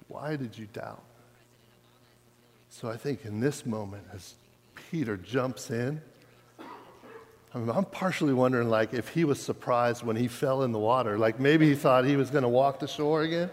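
A pastor with a mid-range, slightly mellow voice preaches a sermon, retelling a story in a casual, conversational manner that builds to fervor. The recording carries a long hall reverb.

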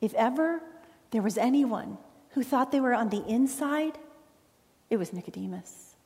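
A woman pastor delivers an earnest, emphatic sermon, making heavy use of pauses. Her slightly high voice has lively intonation and a touch of mellowness, ringing out with long reverb in a church sanctuary.

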